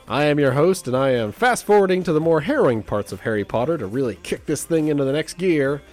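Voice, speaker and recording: A man's voice: on the high side, moderate pace, long pauses, faint music behind. A man hosting a webcomics podcast, joking and laughing often in casual banter with his co-host. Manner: jokey, laughs often, lively teasing.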